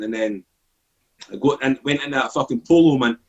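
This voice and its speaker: Brisk and mid-range, this man's voice sounds muffled in the recording. He's a Scottish podcast guest in his forties telling a story in casual, swearing talk, animatedly performing others' words.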